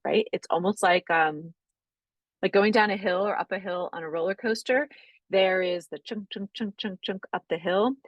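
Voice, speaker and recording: A woman teaching breathwork, guiding slow breathing exercises in a gentle, unhurried way, often checking in with "right?". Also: medium pitch, dry recording, rough recording. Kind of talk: guided breathing instruction.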